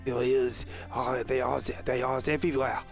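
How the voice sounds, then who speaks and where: A man's voice: mid-range voice, little pitch movement, moderate pace, vocal fry, faint music behind, pitched below the performer's own voice, natural voice. A man doing a stammering elf woman. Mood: flustered. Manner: stammering, flustered, many fillers. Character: stammering archaic elf woman with odd accent.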